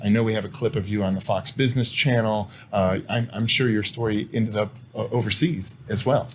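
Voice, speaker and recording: A man's voice: on the low side, steady tone, brisk, a little hiss or hum. A man hosting a promotional interview show, enthusiastic and full of compliments for his guest.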